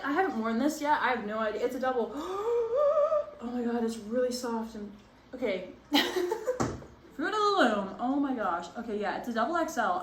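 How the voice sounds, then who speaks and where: A young woman chatting casually while doing a craft project, bubbly and excitable, gasping and squealing as she goes. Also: medium pitch. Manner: vocal tics. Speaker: crafting vlogger. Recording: echoey room with faint background noise.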